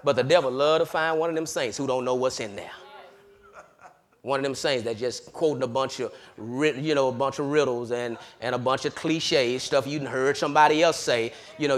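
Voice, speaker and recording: A man preaching a sermon, swinging between loud hollering and low murmurs and laughing often.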